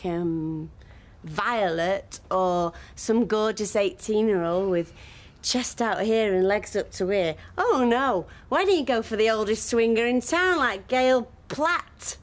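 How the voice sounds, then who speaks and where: An actress playing a drunk, jealous young woman in a soap drama, sarcastic and shouting. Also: on the high side. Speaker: actor in a television soap.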